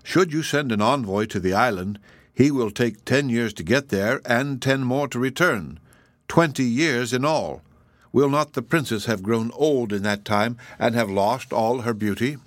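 A man's voice: mid-range voice, a little slow, no room sound, close to an everyday voice. A man reading the part of an old, cautious merchant who speaks carefully and deferentially.

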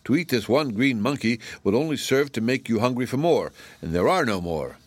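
A man's voice: mid-range voice, animated, brisk, dry recording, natural voice. A man voicing a huge old father dragon who scolds impatiently and talks down to others. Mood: stern. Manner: chiding and pompous.

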